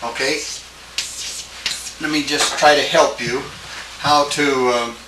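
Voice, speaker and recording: A man teaching a Greek class, lecturing haltingly and often checking with his students. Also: medium pitch, steady tone. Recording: echoey room, distant mic, faint hiss.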